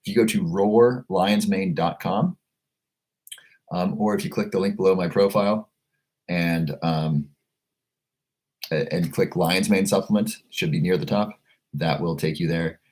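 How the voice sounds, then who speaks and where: Deep-voiced man chatting on a livestream. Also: measured pace, pauses often, darkish tone. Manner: chatty, repeats and restarts words often; reads viewer comments aloud and answers them. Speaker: livestream host selling a supplement. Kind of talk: casual livestream chat reading comments.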